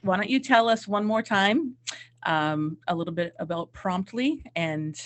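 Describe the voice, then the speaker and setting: A woman's voice: medium pitch, unhurried. Playful, giggly woman co-hosting a podcast. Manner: playful and giggly, teasing banter. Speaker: podcast co-host. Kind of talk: casual podcast chat.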